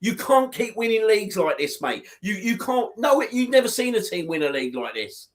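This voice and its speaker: Heated football fan, high-pitched, repetitive sweary rant, watchalong co-host. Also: male voice, very animated, moderate pace. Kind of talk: angry live match watchalong rant.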